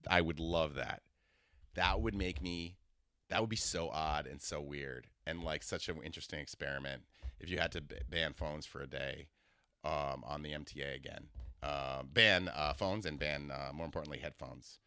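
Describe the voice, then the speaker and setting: A man's voice: extremely low pitch, fairly even intonation, normal speed, pushed and bright, clear, resonant tone, no echo, studio quality. A man hosting a comedy podcast, telling stories in a rambling way and often breaking off mid-sentence. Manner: rambling, self-interrupting storytelling. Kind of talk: comedic solo monologue.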